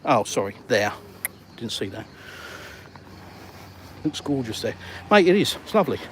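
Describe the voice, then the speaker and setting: A man's voice: medium pitch, very animated, moderate pace, a bit bright. Jokey Englishman streaming from a busy street. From England. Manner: chatty, joking, banter with viewers. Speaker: live-streaming vlogger. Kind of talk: walk-and-talk live stream, reading viewer comments. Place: outdoors on a city street. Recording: outdoor street traffic noise.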